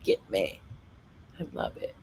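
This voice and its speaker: A man's voice: slow, a little mellow, slight background noise. A man chatting casually as a guest on a late-night livestream, rambling through loose sign-offs and talking to his viewers. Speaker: livestream guest and show host.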